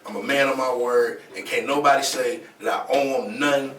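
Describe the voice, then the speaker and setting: Fast, laid-back man. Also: medium pitch, steady tone, fairly bright tone. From Atlanta, USA. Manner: laid-back, keeps saying "you know what I'm saying". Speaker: guest, record label head. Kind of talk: casual interview chat. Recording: echoey room, mic at a distance.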